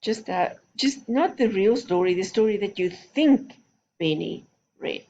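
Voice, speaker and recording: A woman's voice: medium pitch, lively intonation, unhurried, dark tone, highs cut off. A woman teaching a recorded phonics lesson to young children, giving patient, step-by-step instructions. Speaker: primary school teacher.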